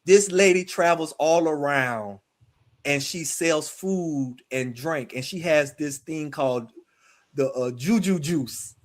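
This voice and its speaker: Brief: middle-aged man, high voice, animated guest storyteller who acts out other people's lines. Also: takes it slowly. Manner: animated, slips into quoted voices. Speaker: guest, spiritual practitioner. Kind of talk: personal storytelling in conversation.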